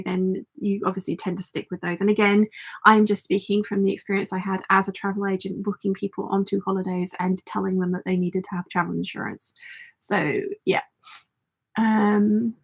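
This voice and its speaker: A woman hosting a casual sewing livestream, chatty and reading viewer comments aloud, her voice slightly croaky. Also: mid-range voice. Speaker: sewing channel host.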